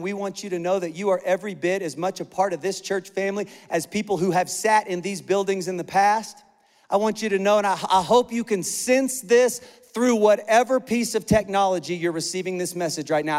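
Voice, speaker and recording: A man pastor delivering an energetic, conversational sermon, piling up repeated phrases for emphasis. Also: sits high, smooth. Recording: long hall reverb.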